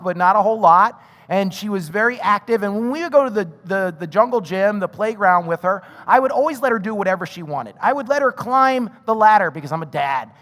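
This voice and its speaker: High-voiced man preaching in a reverberant hall. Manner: animated storytelling, acting out quoted voices. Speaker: pastor. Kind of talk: sermon. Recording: long reverb of a large hall.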